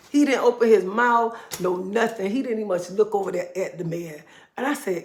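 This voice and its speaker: A woman's voice: medium pitch, brisk. Chatty woman telling stories, echoey room. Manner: animated storytelling with Southern-style speech. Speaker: livestream host. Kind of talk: casual livestream chat.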